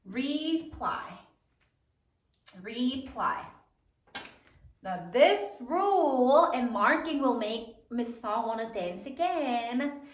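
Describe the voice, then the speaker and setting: A woman's voice: on the high side, animated, very slow, long pauses, far from the mic. A woman teaching a third grade spelling lesson, sounding out words letter by letter in a sing-song way. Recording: echoey room, voice off-mic.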